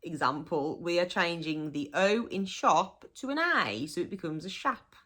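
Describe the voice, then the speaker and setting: A woman's voice: on the low side, animated, normal speed, pushed and bright. A young woman with a Black Country accent, chatting casually and giggling as she explains her local dialect. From Black Country, England. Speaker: vlogger.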